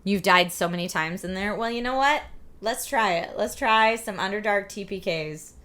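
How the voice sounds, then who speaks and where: A woman in her forties hosts a casual live stream, chatting easily and reading viewer messages aloud. Her voice is bright and forward but slightly husky and scratchy, with a lingering cough. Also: medium pitch, normal speed. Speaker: streamer host.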